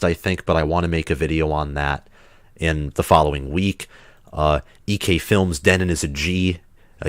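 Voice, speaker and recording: Male streamer host, deep voice, under the weather, rambling casual chat, dry close sound. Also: no echo. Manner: rambling, chatty, loose restarts. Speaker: livestream host.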